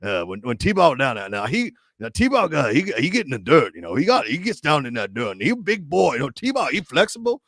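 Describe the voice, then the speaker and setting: A man's voice: on the high side, huge pitch swings, a little fast, few pauses, fairly bright tone, dry recording, clean studio sound, heavily acted. A man imitating a folksy, drawling Louisiana football broadcaster with a thick Southern accent.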